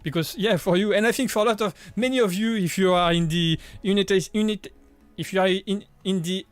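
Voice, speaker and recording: A man in his thirties with a French accent, hosting a livestream and chatting casually with viewers, friendly and upbeat, halting with many restarts and repeated words. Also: high-pitched, no room sound, soft background music. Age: 30s. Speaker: livestream host.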